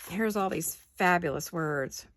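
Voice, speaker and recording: A woman's voice: lowish voice, a little slow, fairly bright tone. An American woman hosting a casual craft chat, thinking aloud and gushing over pretty paper as she cuts it at her desk at home. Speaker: craft channel host.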